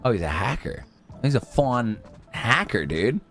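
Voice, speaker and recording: A young man giving casual gameplay commentary, talking to himself and to in-game customers, swinging from mumbles to shouts. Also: medium pitch, big pitch swings, normal speed, faint music behind. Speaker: gaming YouTuber.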